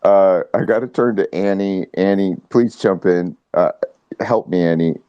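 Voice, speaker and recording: A man's voice: deep voice, unhurried, mellow, no echo, muffled recording. A man hosting a live talk room, joking and laughing heartily. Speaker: host. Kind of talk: casual chat.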